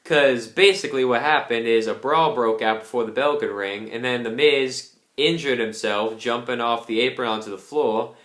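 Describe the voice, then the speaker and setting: A man's voice: mid-range voice, moderate pace, a bit bright. A young man giving a casual, angry ranting review, swearing a lot. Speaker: wrestling reviewer. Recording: roomy echo.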